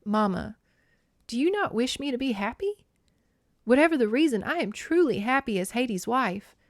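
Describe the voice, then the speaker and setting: A woman reading as a young goddess, firm and pleading at once, asking to be seen as grown. The voice sits a little high and steady, recorded close and dry. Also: moderate pace, dry recording. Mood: earnest.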